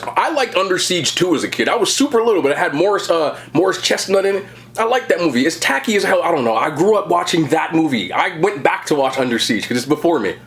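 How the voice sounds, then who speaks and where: A man in his thirties hosting a mukbang, chatting casually to viewers while he eats. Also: fairly high pitch. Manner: chatty, upbeat, addresses viewers directly. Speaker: mukbang host. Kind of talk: casual chat to camera while eating.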